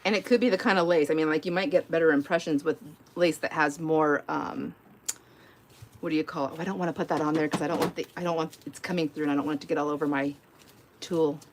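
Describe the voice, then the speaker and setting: This middle-aged woman's voice is low-pitched, steady and fast, with slight background noise. Crafting live on a stream from home, she chats casually and tells a rambling story full of fillers and giggles.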